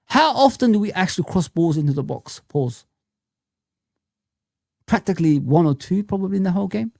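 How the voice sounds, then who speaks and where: A man's voice: high-pitched, expressive, a little fast, gravelly, a little mellow, dry recording. Guy ranting about his team on a live chat, exasperated, says things twice, dry close mic. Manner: ranting, exasperated, repeats phrases. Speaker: fan channel host.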